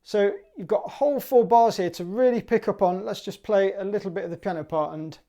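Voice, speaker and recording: A woman's voice: medium pitch, fairly quick, warm tone. A woman teaching clarinet for a music exam, upbeat and chatty, singing rhythms aloud.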